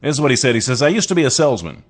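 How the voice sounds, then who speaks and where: Rapid-fire delivery and big pitch swings mark this medium-pitched American man. On his podcast he riffs sarcastically through weird news items, full of rambling digressions and restarts, in a casual comedic style.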